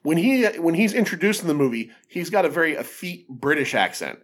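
A man's voice: a little high, sing-song, brisk, fairly bright tone. A man hosting a casual film podcast, recapping scenes with lots of fillers and restarts. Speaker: podcast host.

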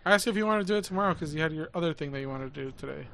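High-pitched man who talks fast; blunt, swears freely. Casual banter among friends. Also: gravelly, a bit bright. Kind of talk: casual group chat.

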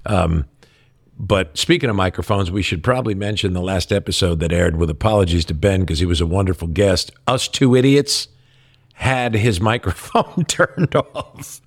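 An older man co-hosting a podcast in a studio, telling a story in an animated way and laughing often. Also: low voice, moderate pace, breathy edge. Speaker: podcast co-host. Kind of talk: casual podcast chat. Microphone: studio mic.

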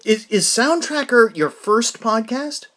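A man's voice: extremely high pitch, expressive, slow pace, fairly bright tone. A man hosting a podcast interview, upbeat and chatty, often repeating his words. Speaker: podcast host. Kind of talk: casual interview.

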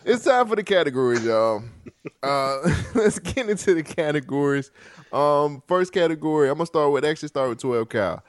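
A man hosting a casual podcast. His slightly high voice swings lively in pitch, and he often stops to correct himself. The sound is dry and close. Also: dry recording. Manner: halting, corrects himself mid-sentence. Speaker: podcast host.

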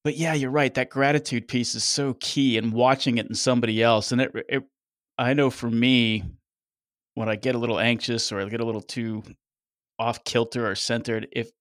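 A man's voice: medium pitch, flat delivery, moderate pace, fairly bright tone, dry recording, studio quality. A man hosting a long-running interview show, asking earnest, thoughtful questions with some restarts. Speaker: podcast host.

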